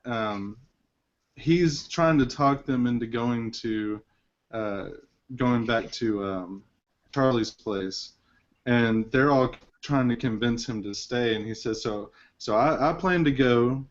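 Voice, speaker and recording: A man's voice: mid-range voice, takes it slowly. A man hosting a casual film discussion, rambling with lots of fillers and restarts. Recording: dull lo-fi recording.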